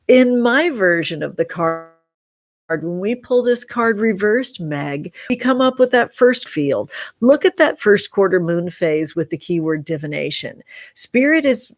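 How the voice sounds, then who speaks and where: A woman hosting a casual tarot reading livestream from home, effusive and drawn-out, calling her viewers sweet names. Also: medium pitch, expressive, dry recording. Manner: effusive, slow and drawn-out, affectionate terms for viewers. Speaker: tarot reader and channel host.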